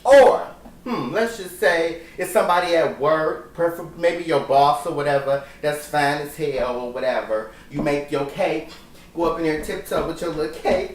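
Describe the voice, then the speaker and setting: A man's voice: a little high, normal speed. A man hosting a casual cooking vlog from his home kitchen, talking in a sassy, profane, campy way. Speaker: cooking show host. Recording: echoey room, mic at a distance.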